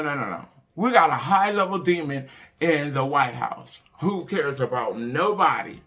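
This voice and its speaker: Emphatic woman with a bright voice. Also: deep voice, a little slow. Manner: animated and emphatic, swings between loud bursts and hushed asides. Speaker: online show host. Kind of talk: casual motivational talk to viewers.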